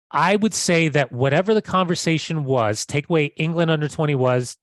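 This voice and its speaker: A man's voice: medium pitch, dry recording. A man co-hosting a casual football podcast, emphatic and argumentative. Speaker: podcast co-host.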